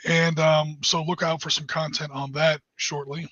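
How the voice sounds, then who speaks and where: A man co-hosting a casual podcast, chatty and hesitant with many pauses. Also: on the high side, flat delivery, sharp tone, no echo. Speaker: podcast co-host. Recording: dull dry lo-fi mic.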